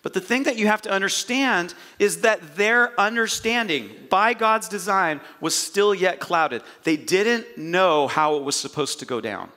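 A male pastor preaching, his voice a little high and bright. He tells the story with animated energy and drops in jokey asides along the way. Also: a little slow, few pauses. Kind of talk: sermon.

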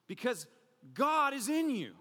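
A pastor giving a sermon, an animated, joking storyteller who drops his voice low for emphasis. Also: a little slow, big-room sound.

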